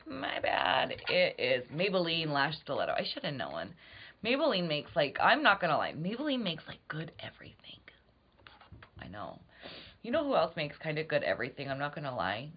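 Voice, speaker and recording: A woman's voice: low voice, huge pitch swings, a little fast, husky. A woman rambling through a casual makeup tutorial, swearing freely and slipping into whispered asides. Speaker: beauty vlogger. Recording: dull lo-fi recording.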